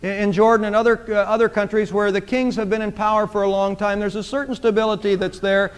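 A man's voice: high voice, level tone, quick pace, smooth. A man preaching a sermon, speaking emphatically and repeating phrases for emphasis. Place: church sanctuary. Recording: long church reverb.

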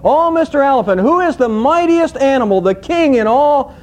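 A man's voice: extremely high pitch, animated, moderate pace, pitched above the performer's own voice. A man voicing a boastful male lion who demands to be called king of the jungle, in a pompous, demanding manner.

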